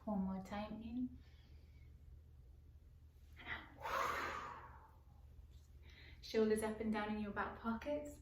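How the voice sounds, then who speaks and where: A woman teaching a children's circle-time lesson, speaking in a slow sing-song voice and stretching out letter sounds. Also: mid-range voice, steady tone, very noisy. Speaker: preschool teacher. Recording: echoey room, voice from far off.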